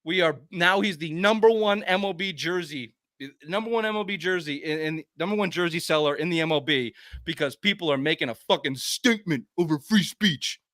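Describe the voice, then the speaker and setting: A man's voice: on the high side, brisk, fairly bright tone, no echo. Man, sports talk host, heated profane rant, dry close sound. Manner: profane, ranting, emphatic.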